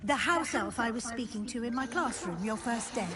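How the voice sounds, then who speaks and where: A brisk, kindly middle-aged professor with a fairly high voice, as a woman acts her out for a video game. She explains patiently and clearly, in an instructive teacher's manner. Loud game music plays under her. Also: expressive, close to an everyday voice.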